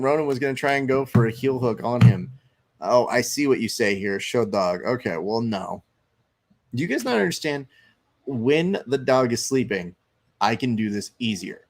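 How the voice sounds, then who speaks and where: A man hosting a live stream, chatting loosely, reading viewer comments aloud and commenting on fights. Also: mid-range voice. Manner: loose, chatty, swearing, reads chat aloud.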